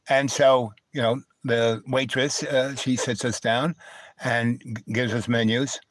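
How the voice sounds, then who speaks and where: A man's voice: medium pitch, fairly even intonation, a little slow, no echo, studio quality. A man hosting a live stream, telling a meandering personal story full of asides and digressions.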